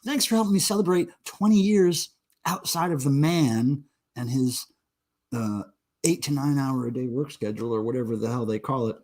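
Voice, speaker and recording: A man's voice: mid-range voice, moderate pace, a little mellow. A man in his forties hosting a casual livestream, drinking beer and joking crudely with viewers in the chat. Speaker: livestream host.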